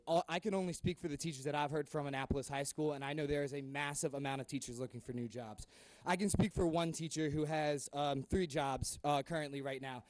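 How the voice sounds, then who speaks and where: A young man speaks at a podium during public comment, with a fairly high voice. He is earnest and impassioned, often pausing on "um". The sound is close and dry. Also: no echo, poor audio. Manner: earnest and impassioned, with frequent ums. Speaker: math department head speaking at public comment. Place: public board meeting room.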